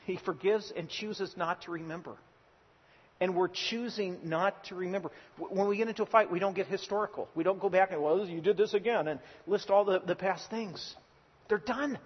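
A male pastor preaches a sermon in a church, his high-pitched, husky voice moving at a normal speed. He sounds earnest and emphatic, often restarting his words. The recording is dull and lo-fi, with a long hall reverb.

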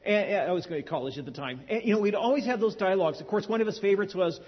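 A man's voice: high-pitched, rapid-fire, breathy edge. A middle-aged man preaching a sermon, telling stories in a conversational way with dry humor. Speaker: pastor. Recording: dull lo-fi sound in a large hall.

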